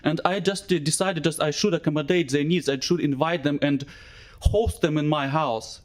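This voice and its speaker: A man presenting his appeal at a council hearing, emotional and halting, with many fillers and non-native English phrasing, into a desk microphone in a council chamber. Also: a little high, steady tone. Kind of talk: public presentation.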